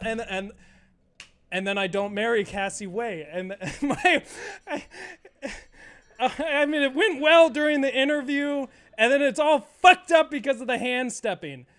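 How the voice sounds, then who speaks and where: High-voiced young man, profane and rambling. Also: a little slow, a bit bright. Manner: rambling, profane, laughs often. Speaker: streamer. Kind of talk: casual gameplay chat.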